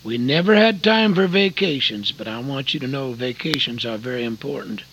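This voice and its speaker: An older man from Oregon preaching a sermon, earnest and folksy, telling a story with sudden loud emphasis. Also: mid-range voice, lively intonation, moderate pace, highs cut off, noisy background. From Oregon, USA.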